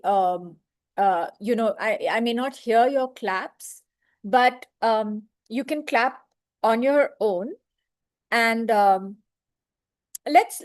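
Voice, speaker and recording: A woman training librarians in an online webinar, speaking patiently and sounding out words syllable by syllable. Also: high voice. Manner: slow, patient, clapping out syllables.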